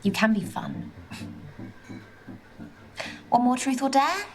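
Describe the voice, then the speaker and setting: A teasing young date. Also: female voice, high voice, very animated, slow pace, full character voice. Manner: teasing, probing questions. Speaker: date in a dating game.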